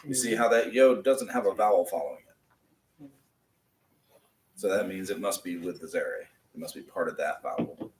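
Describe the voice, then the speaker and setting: A man teaching a Hebrew class, spelling words out slowly and laughing at his own slips. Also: deep voice, a little mellow, far from the mic. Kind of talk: patient classroom instruction. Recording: echoey room with faint noise.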